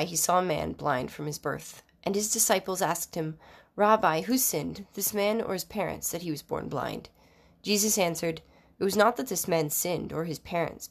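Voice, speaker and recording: Lady reading bible passages out loud, lowish voice, steady formal delivery, trips on a word now and then. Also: creaky. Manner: measured, formal reading with occasional slips and restarts. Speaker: scripture reader.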